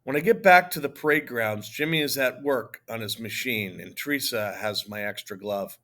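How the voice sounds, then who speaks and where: Man narrating a storybook, lively. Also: mid-range voice, normal speed. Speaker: audiobook narrator. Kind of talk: first-person storybook narration.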